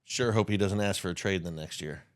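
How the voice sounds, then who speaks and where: A man's voice: low voice, fairly quick, no echo. A man co-hosting a podcast, talking in a dry, grumbling, profane way. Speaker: podcast co-host. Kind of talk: casual chat.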